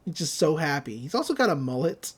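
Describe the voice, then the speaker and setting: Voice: medium pitch, big pitch swings, fairly quick, husky. Amused podcaster rambling through a recap. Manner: rambling, amused, lots of fillers and quoted voices. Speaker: podcast host. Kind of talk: casual episode recap.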